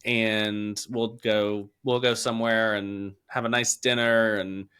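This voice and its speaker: A man co-hosting a podcast who chats about family plans in an easygoing, halting way. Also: lowish voice, level tone, a bit bright, clear, resonant tone. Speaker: podcast co-host. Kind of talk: casual chat.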